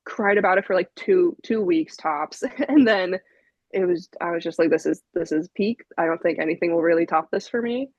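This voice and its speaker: A woman in her twenties, a podcast guest, telling a story in a casual, animated way, laughing often and using lots of fillers. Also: on the low side, moderate pace, no echo, dull audio. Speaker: podcast guest, vinyl collector.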